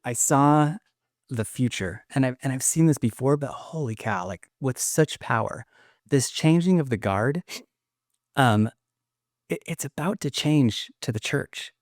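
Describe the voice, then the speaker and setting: Earnest male guest, mid pitch, rambling testimony full of restarts, emotional, dry close mic. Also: animated, a little slow, no echo. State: choked up with emotion. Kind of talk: emotional testimony in casual conversation.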